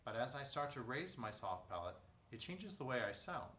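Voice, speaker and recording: A man teaching a vocal lesson, guiding breathing and posture in a calm, step-by-step way. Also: medium pitch, moderate pace, a little hiss or hum. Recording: echoey room, mic at a distance.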